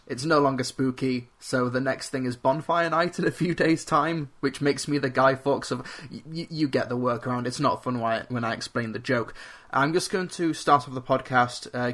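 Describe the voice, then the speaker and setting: A man's voice: medium pitch, moderate pace, a bit bright. A man hosting his own podcast, talking earnestly and catching and correcting himself as he tries to avoid filler words. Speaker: podcast host. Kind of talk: solo podcast talk. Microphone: home computer microphone.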